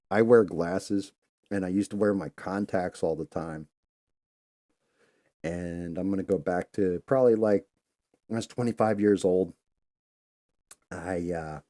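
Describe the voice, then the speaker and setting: A man's voice: sits low, dark tone. A man hosting a live stream, telling loose, rambling stories in a casual, conversational way. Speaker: host.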